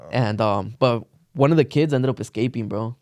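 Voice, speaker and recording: A man's voice: mid-range voice, normal speed, darkish tone, dry recording, clean studio sound. A young man casually telling a long story on a podcast, rambling with lots of "like" and cursing slang. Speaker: podcast co-host.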